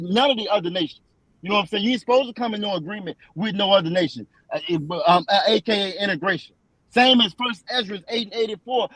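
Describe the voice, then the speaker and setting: A man with a high voice leads a preaching-style scripture discussion. He hammers his points by repeating them and slows right down whenever he reads a verse aloud. The sound is dry and close. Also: a bit bright, dry recording, poor audio. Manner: emphatic and repetitive, restates lines for stress. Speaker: scripture teacher.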